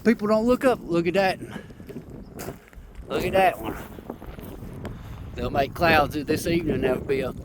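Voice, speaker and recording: A man talking outdoors into a handheld phone, excitedly and insistently pointing things out as he walks up a hill. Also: a little high, unhurried, pauses often, noisy background. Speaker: vlogger. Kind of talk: casual filmed commentary.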